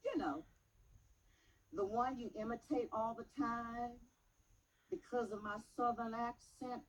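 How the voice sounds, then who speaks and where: A woman giving a dramatic poetry recitation at a public meeting, measured, with pointed pauses and rising emphasis. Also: on the high side, slight background noise, rough recording.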